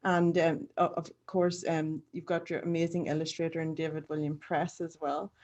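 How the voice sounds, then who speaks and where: A woman interviewing an author at a book launch, speaking softly and affirming what she says. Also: low voice, flat delivery, normal speed, highs cut off.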